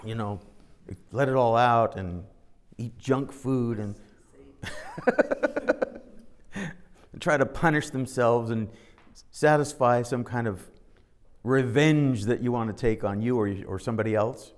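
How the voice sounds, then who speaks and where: A man's voice: medium pitch, takes it slowly, long pauses. A man giving an informal spiritual talk, telling stories and acting out the dialogue, sometimes reading scripture aloud. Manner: conversational storytelling, acting out dialogue. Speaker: spiritual teacher.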